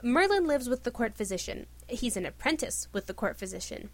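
A woman's voice: a little high, sing-song, a little fast. A woman voicing an exasperated, proud young prince who argues insistently. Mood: indignant. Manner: indignant, insistent.

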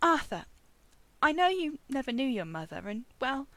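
A woman's voice: high voice, big pitch swings, moderate pace, a bit bright, dry recording, voice pushed up, exaggerated voice. Woman reading as a tearful, tender mother. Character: tearful, warm-hearted mother, middle-aged woman.

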